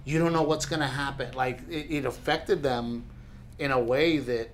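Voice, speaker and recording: A man's voice: medium pitch, normal speed, a little hiss or hum. A middle-aged man, a comedian co-hosting a podcast, chatting casually and telling jokey stories, often mimicking other people. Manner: joking, animated storyteller who mimics others. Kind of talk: casual chat.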